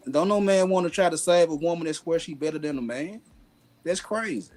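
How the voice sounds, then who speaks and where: Animated man talking slang, high-pitched. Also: a little fast. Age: adult with a daughter. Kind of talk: casual chat.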